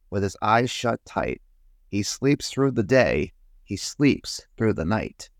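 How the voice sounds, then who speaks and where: A man hosting a podcast, reading a children's storybook aloud in an expressive, unhurried way. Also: lowish voice, no room sound, studio quality.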